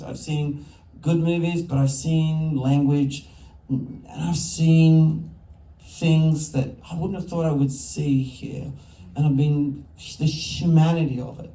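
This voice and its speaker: A man's voice: fairly high pitch, a little slow. An Australian man, a film director, telling self-interrupting anecdotes in an onstage festival conversation. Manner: animated, self-interrupting storyteller. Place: festival stage before an audience. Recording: echoey hall, distant mic.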